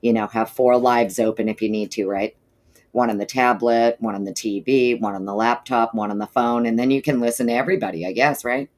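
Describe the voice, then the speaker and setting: A woman hosts a casual livestream and works through her chat, greeting viewers by name and calling them honey and darling. She sounds low on energy and clears her throat often. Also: steady tone, brisk, a little mellow. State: low energy, not feeling peppy. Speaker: livestream host.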